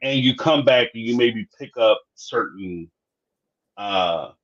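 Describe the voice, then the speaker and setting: A man's voice: mid-range voice, slow. A man hosting a casual live-stream chat about a reality TV show, telling stories with lots of acted-out dialogue and frequent laughs. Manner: animated storyteller, acts out dialogue, laughs often. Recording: slightly dull lo-fi sound.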